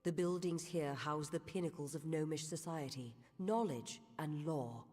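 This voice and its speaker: Lady doing a courteous gnome librarian, low mellow voice, big echoing hall. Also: normal speed, natural voice. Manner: courteous, formal. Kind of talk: video game voice acting. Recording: long hall reverb.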